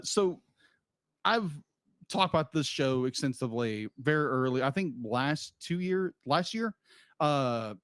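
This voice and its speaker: A man's voice: fairly high pitch, smooth, no echo, studio quality. A man co-hosting a podcast in casual chat, rambling with frequent restarts and laughs. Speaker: podcast co-host.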